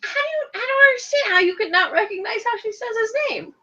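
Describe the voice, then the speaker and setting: A woman in her thirties with a high, bright voice that swings all over as she bickers bluntly and playfully. The recording is dull and lo-fi. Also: animated, fast. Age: 30s. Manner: teasing, blunt, swears playfully. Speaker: podcast co-host. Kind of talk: casual banter about reality TV.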